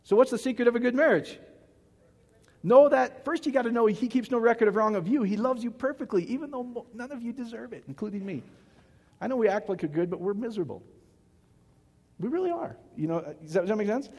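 A man's voice: very high voice, animated, quick pace, a little mellow, slightly rough. A middle-aged male pastor giving a rambling, joking sermon, often asking the crowd if it makes sense. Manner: rambling, self-mocking, often asks the crowd. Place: church hall. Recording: hall reverb.

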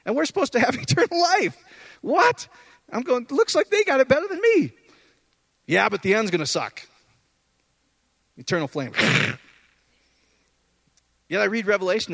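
A man preaching a casual sermon, talking to the audience in a conversational way, asking them questions and swinging between loud high bursts and low quiet asides. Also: dry recording. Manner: asks the audience questions often.

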